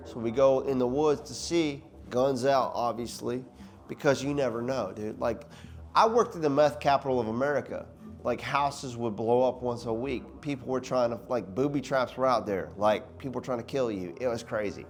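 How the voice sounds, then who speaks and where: A man's voice: medium pitch, normal speed, soft background music. A man in his thirties, a rowdy guest telling profane stories in casual chat. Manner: rowdy, profane, laughing storyteller.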